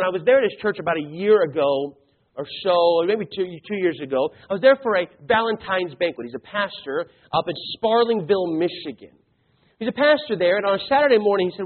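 A male preacher delivering a sermon and telling a story, emphatic, swinging between loud and hushed. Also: high voice, expressive, quick pace. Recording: tinny phone-like sound.

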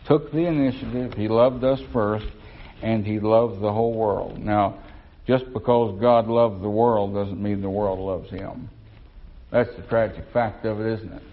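A man's voice: on the low side, narrow, tinny audio, a little hiss or hum. A male pastor preaching a sermon to his congregation in a church, asking rhetorical questions as he goes.

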